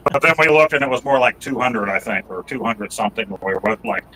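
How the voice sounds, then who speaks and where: A man chatting on a gaming podcast with a bright, forward voice. He cracks jokes and laughs often as he talks, and a faint hiss sits under the audio. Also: medium pitch, lively intonation, normal speed, rough recording. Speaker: podcast co-host. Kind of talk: casual chat.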